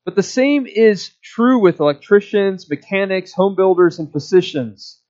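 A man preaching a sermon in a measured, deliberate teaching manner. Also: sits high, darkish tone, muffled recording. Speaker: pastor.

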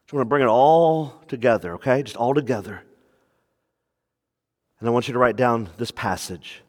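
A male pastor preaching an expository sermon, calling out to the congregation for answers and repeating phrases for emphasis, swinging between quiet asides and raised preaching. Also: medium pitch, moderate pace. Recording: long reverb of a large room.

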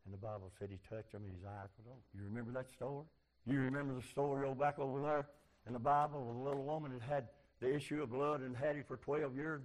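A man preaching a sermon in folksy, fervent speech, swinging from loud cries to low, quiet passages. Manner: fervent, rising to loud shouts and dropping low.

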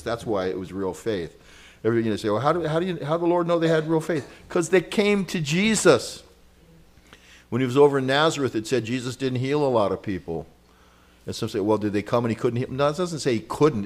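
A man preaching a sermon in an earnest, conversational way, moving between loud exclamations and hushed storytelling with casual asides. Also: medium pitch. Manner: conversational asides with fillers and chuckles.

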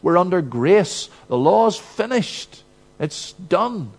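A scornful, scolding churchgoer , as a male preacher acts him out, a bit higher than the man's own voice. He fires off dismissive questions at a slow pace. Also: big pitch swings, a little mellow, full character voice. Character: scornful man dismissing old rules. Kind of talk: sermon with acted quotes.

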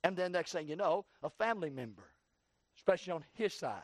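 In a dry recording, a man preaches an evening sermon in repetitive call-and-response fashion, slightly fast. He swings from hushed, low phrases up to shouted peaks, with big pitch swings.

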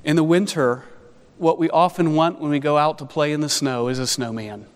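A man preaching an expository sermon as pastor, animated and conversational with wry asides. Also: fairly high pitch, moderate pace, smooth, big-room sound.

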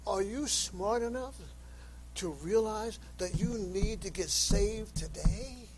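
At a slow pace, a man preaches fervently, reading aloud from King James scripture and crying out to sinners, his voice lifting into high shouts. Soft music plays in the background, and the audio is poor.

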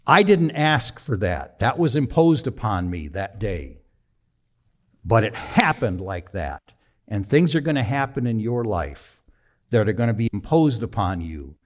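A middle-aged man preaching a sermon, telling a personal story with emotion, moving from quiet to emphatic. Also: mid-range voice. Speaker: pastor.

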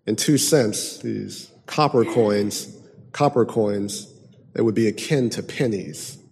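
A man preaching a sermon emphatically, moving from loud declaiming to hushed, intense passages. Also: on the low side, takes it slowly, vocal fry, slightly rough. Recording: long hall reverb.

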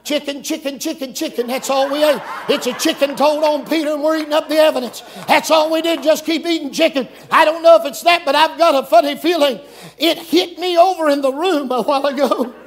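A middle-aged man preaching a camp meeting sermon, folksy and joking, breaking into shouts. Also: extremely high pitch, fairly quick, background noise. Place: church camp meeting with congregation.

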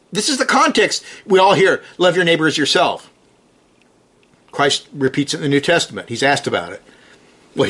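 A husky, fairly bright mid-range voice belongs to a man preaching earnestly and emphatically. He hammers points home with brief repeated commands and reads scripture slowly, stress climbing.

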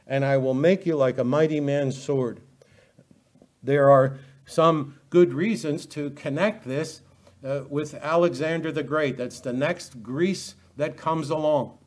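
A man preaching an expository Bible sermon, animated and full of rhetorical questions. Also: fairly high pitch. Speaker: pastor.

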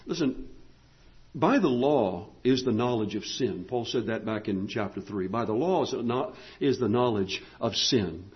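A man preaching a sermon as pastor, emphatic, repeating key phrases and swinging from loud declarations to hushed lines. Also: medium pitch, lo-fi sound.

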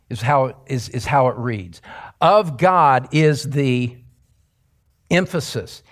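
A middle-aged man preaching a sermon as pastor, emphatic, swinging from loud exclamations to hushed near-whispers. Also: medium pitch, animated, a little slow.

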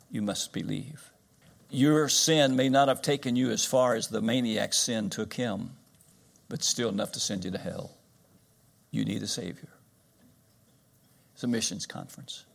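A man preaching a sermon, swinging from loud high-pitched exclamations to hushed, earnest low tones. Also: creaky.

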